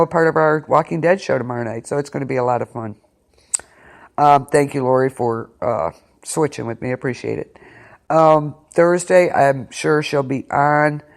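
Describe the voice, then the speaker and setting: A man hosting a casual internet radio show, his pitch sitting in an ordinary middle range. He rambles and hesitates, restarting sentences and reacting with disbelief. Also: vocal fry. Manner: incredulous, keeps saying wow. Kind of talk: casual chat.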